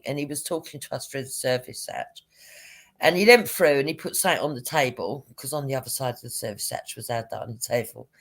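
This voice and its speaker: Narradora británica de mediana edad en charla informal, con entonación muy viva y risas frecuentes. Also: female voice, on the low side. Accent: British English. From Britain. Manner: lively storytelling, laughs often, swears casually. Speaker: panel guest. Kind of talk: casual anecdote on a live panel show.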